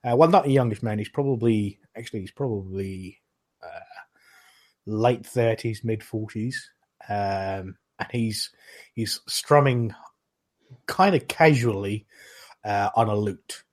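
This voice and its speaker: A man narrating a tabletop game as game master, pausing with many fillers. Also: fairly low pitch, a little mellow.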